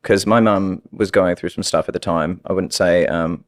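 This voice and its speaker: An American man with an Australian-tinged accent, telling stories as a podcast guest in an animated, laughing way. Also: low-pitched, normal speed, dry recording, clean studio sound. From United States. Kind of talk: casual storytelling.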